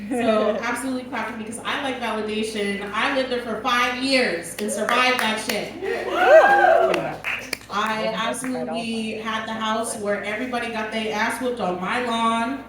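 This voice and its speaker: A young woman doing a crude, brash stand-up set, laughing at her own jokes, recorded on a club stage. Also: medium pitch. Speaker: stand-up comedian. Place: comedy club stage with audience. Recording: echoey club from far off, audience laughter.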